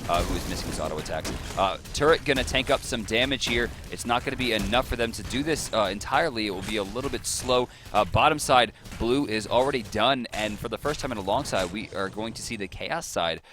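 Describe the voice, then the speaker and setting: A man's voice: fairly low pitch, a little fast, hardly any pauses, noisy background. A man doing color commentary on an esports match, with dry, sarcastic asides. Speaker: esports co-caster.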